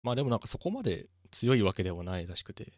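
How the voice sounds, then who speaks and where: Low-voiced Japanese man chatting on stream. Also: big pitch swings, darkish tone, no echo, clean studio sound. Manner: halting English with frequent chuckles. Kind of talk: casual livestream chat.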